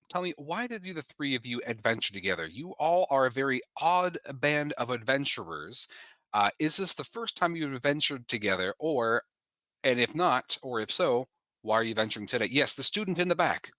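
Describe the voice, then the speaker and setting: A man running a tabletop game as game master, explaining the setting in a relaxed way. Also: mid-range voice, no echo. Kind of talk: casual chat and game setup.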